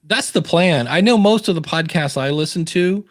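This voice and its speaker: A man's voice: sits high, normal speed, no room sound, clean studio sound. A man on a podcast panel, chatting casually and acting out quotes as he tells stories. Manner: animated storyteller, acts out quotes.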